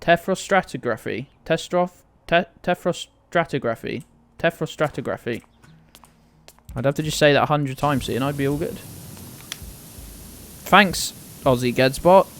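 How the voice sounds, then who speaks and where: A man's voice: on the high side, normal speed, pauses often, a bit bright. Rambling British man streaming a game. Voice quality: rambling, swears casually, trails off into mumbles. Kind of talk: casual gaming chat.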